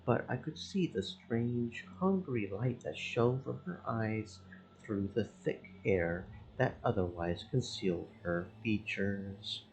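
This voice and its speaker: A man streaming a game, reading its story text aloud in slow, measured narration. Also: fairly low pitch, slight background noise, poor audio.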